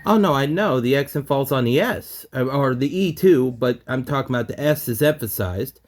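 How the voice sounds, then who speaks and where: A man's voice: medium pitch, expressive, normal speed. Eager man repeating back his lesson. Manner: eager, talks things through, repeats back to check. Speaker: language student. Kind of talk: casual online lesson.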